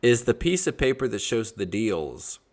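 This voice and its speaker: A man from Georgia hosting a podcast, telling his stories in a casual, animated and jokey way. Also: lowish voice, moderate pace. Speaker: podcast host. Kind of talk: casual storytelling chat.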